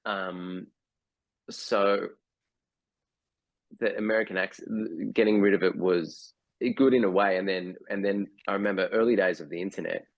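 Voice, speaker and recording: Australian man in his 40s as interview guest, low voice, halting and full of ums, dry video-call audio. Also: fairly even intonation, dry recording. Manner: hesitant, many fillers and restarts. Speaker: guest actor.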